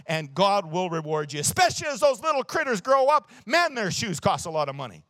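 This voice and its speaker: Emphatic preacher around sixty. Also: male voice, fairly high pitch, big pitch swings, brisk, hardly any pauses, a bit bright, no echo, studio quality. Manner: emphatic, storytelling preacher, chuckles at his own jokes. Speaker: pastor. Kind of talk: sermon. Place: church.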